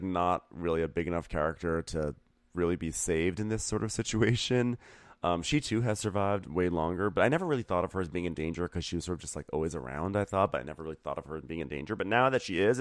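A man co-hosting a casual recap show, rambling with lots of fillers and acting out quotes in a high put-on voice. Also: expressive, fast, no echo. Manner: rambling, filler-heavy, acts out quotes in a falsetto. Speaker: podcast co-host.

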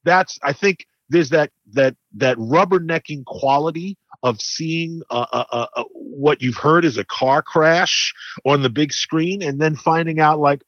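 A man co-hosting a casual movie review chat, measured and thinking aloud with fillers. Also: fairly high pitch, fairly bright tone, dry recording, lo-fi sound. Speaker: film critic co-host.

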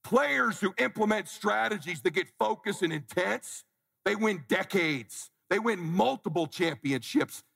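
A man's voice: sits high, expressive, a little slow, creaky, a bit bright, big-room sound. A man in his forties giving a live motivational talk, blunt and challenging, calling on the crowd to answer him. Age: 40s. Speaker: motivational speaker. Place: conference stage before an audience.

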